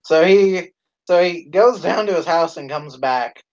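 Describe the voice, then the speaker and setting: A man co-hosting a live stream, telling a profane, animated story in casual chat. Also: a little high, a little slow, lo-fi sound.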